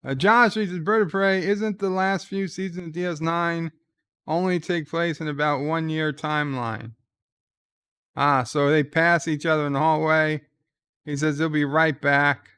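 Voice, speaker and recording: A man's voice: on the high side, steady tone, unhurried, pushed and bright, clear, resonant tone, no room sound. A man hosting a live reaction stream, retelling the scenes and reading out chat messages. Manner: retells scenes, quoting lines in a plain voice; reads out viewer chat messages. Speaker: host.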